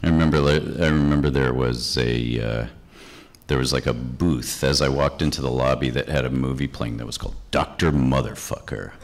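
A man in his fifties from Chicago with an exceptionally low, deep voice tells a long story on a convention stage. He rambles animatedly, peppering every sentence with "like." He sounds like a comics artist reminiscing for a crowd. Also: steady tone, normal speed, a little hiss or hum. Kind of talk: anecdotal storytelling on a panel. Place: convention stage before an audience.

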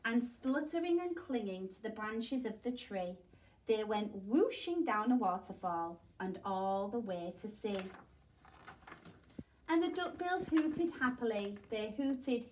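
A teacher reading a story aloud, slowly. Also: female voice, a little high, a little hiss or hum. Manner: expressive rhyming storytelling. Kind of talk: reading a picture book aloud. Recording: voice distant from the mic.

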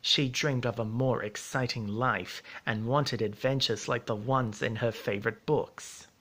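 A man narrating a storybook in a measured, steady reading voice. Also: mid-range voice.

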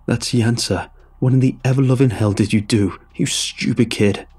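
A man voicing a gruff backwoods man who scolds and commands, over soft background music. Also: mid-range voice, fairly even intonation, normal speed, lightly acted. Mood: scolding. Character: gruff protective backwoods man, stern but caring.

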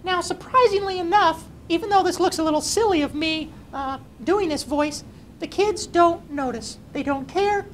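A man's voice: very high voice, moderate pace, a little hiss or hum, pitched above the performer's own voice. A man putting on the voice of a four- or five-year-old girl while he explains.

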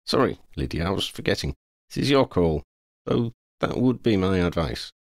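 A steady, sensible young wizard who offers advice with a dry sense of humor, as voiced by a man reading aloud. He sounds close to the reader's own voice, with a gravelly edge, in a dry close recording. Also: low voice, no room sound, heavily acted. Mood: measured. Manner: dry, measured.

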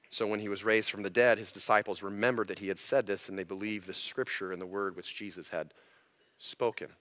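Male pastor, bright and dry-miked, conversational teaching sermon with frequent restarts. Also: fairly low pitch, no room sound. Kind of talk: expository sermon. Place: church sanctuary.

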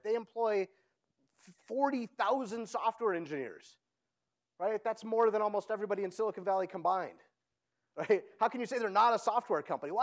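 High-voiced energetic man giving a keynote. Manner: energetic, keeps checking in with the audience by asking "right?". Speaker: conference speaker. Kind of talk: keynote talk.

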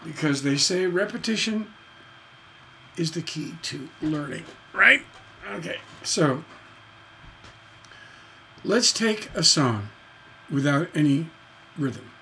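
A man teaching songwriting on a charity livestream in a relaxed, folksy way, humming melodies on "da da" to show his points. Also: fairly high pitch, slow, vocal fry, pauses often, a little hiss or hum.

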